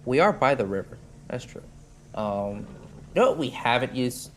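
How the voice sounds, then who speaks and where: A man's voice: medium pitch, very animated, moderate pace, fairly bright tone, a little hiss or hum. A man playing a tabletop game, casual and hesitant, with many fillers. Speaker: player.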